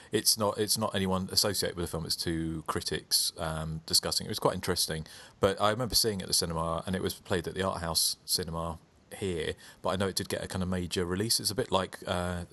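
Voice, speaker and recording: Man, very low voice, halting, chatty film podcast co-host over a call. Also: sharp tone. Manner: rambling, full of hesitations. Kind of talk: casual film discussion. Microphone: remote call.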